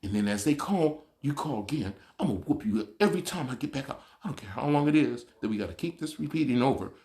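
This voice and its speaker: A man's voice: medium pitch, expressive, fast talker, dark tone. A man talking straight to the camera in a casual, opinionated monologue, telling stories animatedly. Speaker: vlogger.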